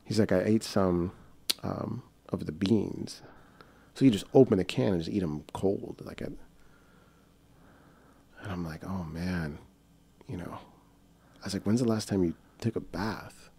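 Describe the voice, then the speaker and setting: A man's voice: low-pitched, measured pace, creaky, long pauses, mellow, slightly rough. A young man telling a rambling story in casual chat, with many fillers and restarts, acting out the voices of the people in it. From United States. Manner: acts out quoted voices. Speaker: guest.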